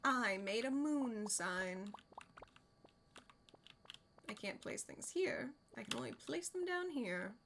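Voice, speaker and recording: Excitable streamer woman, slightly high. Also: takes it slowly, gravelly, pauses often, noisy background. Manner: chatty and excitable, often drops to a whisper. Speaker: game streamer. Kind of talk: casual live-stream commentary. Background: game music.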